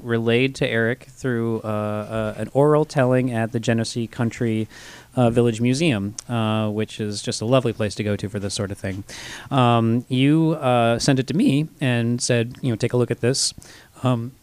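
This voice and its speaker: A man's voice: medium pitch, steady tone, moderate pace, darkish tone, smooth, dry recording. A man as a podcast guest, explaining with many hesitations and fillers. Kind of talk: casual explanation.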